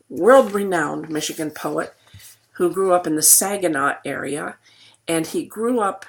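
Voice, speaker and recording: A woman teacher lectures on poetry in a lowish voice that is starting to give out, with frequent throat clearing. She moves at an unhurried pace, drawing out lines of verse with deliberate pauses. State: losing her voice, clearing her throat. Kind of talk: recorded classroom lecture.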